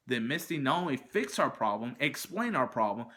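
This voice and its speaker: Male vlogger, exasperated storytime rant, bright forceful tone, acts out the back-and-forth. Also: medium pitch, normal speed. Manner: animated, exasperated, acts out both sides of a phone call. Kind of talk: ranting storytime monologue.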